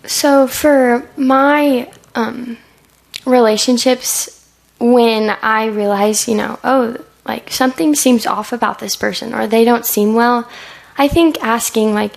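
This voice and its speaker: A woman's voice: fairly high pitch, fairly even intonation, a little slow, gravelly. A young woman, a student, answering questions about her senior thesis in a chatty, hesitant way, full of likes and ums, often acting out what she would say. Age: young adult. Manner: chatty and hesitant, many likes and ums, acts out quoted lines. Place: school room with an audience.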